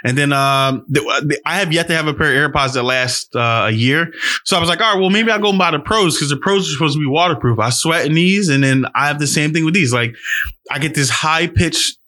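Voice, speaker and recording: A man with a bright, forceful voice sits at home on a video call, talking into an earbud mic. He rants in a loose, profane, exasperated way, and his voice sits a little higher than most men's. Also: brisk. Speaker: podcast co-host. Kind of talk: casual chat. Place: at home, indoors.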